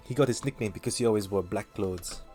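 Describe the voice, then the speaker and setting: Reading game dialogue aloud, a man voices a worldly bar patron who tells dark stories, using a put-on, vaguely Russian accent and a measured, lowered delivery. The performance is lightly acted and story-driven, with faint music in the background.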